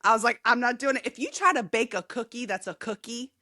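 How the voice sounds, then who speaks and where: A woman co-hosting a podcast in casual chat, telling playful, animated stories. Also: a little high, fast, no echo, clean studio sound. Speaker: podcast co-host.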